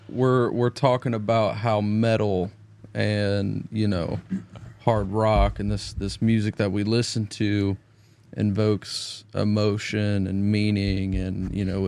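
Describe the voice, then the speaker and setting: A man's voice: on the low side, flat delivery, takes it slowly, gravelly, a little mellow. A man hosting a podcast in a casual chat, steering the talk back to the topic. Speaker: podcast host.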